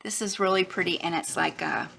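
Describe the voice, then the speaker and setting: Her voice is fairly low, creaky and a bit bright, and she talks briskly while casually showing her craft supplies. This Florida, USA craft vlogger is chatty and rambling, trailing off, restarting, and dropping to a whisper now and then.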